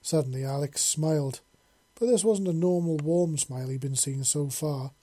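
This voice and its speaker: Male audiobook narrator, slightly high, dark and husky, steady earnest delivery. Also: moderate pace. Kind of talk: story narration.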